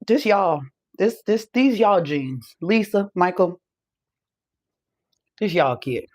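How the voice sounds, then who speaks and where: A woman's voice: mid-range voice, expressive, slow pace, darkish tone. A woman in her forties hosting a casual live podcast, out of breath, chatting loosely. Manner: loose, chatty, swears and laughs easily. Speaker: podcast host. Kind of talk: casual live-stream chat.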